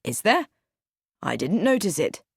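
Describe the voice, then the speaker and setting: A woman's voice: mid-range voice, sing-song, unhurried, creaky, breathy edge, dry recording, studio quality, full character voice. A woman reading the lines of an uneasy middle-aged businessman in an audiobook. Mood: guarded. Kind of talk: audiobook character voice.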